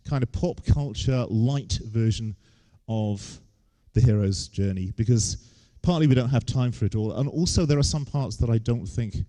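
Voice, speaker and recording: A man's voice: mid-range voice, normal speed, hardly any pauses, dark tone. A man, giving a humorous lecture on stage with wry, joking asides. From England.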